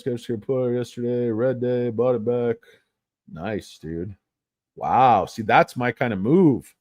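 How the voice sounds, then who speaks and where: A man's voice: medium pitch, no room sound, clean studio sound. A man hosting a casual stock trading livestream, rambling and joking as he talks. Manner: rambling, joking, bouncy delivery.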